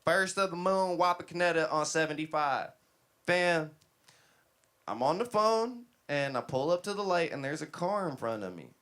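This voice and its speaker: A man's voice: on the high side, normal speed. Young guy from ohio telling a wild story on a podcast, voice all over the place, cussing a lot. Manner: animated storyteller, acts out shouted quotes, profane. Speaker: guest.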